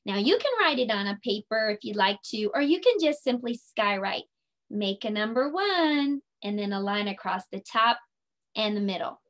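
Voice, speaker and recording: A woman leading a children's circle time lesson, speaking in a slow, sing-song, encouraging way and stretching her words out. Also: medium pitch, expressive, fairly bright tone. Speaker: preschool teacher.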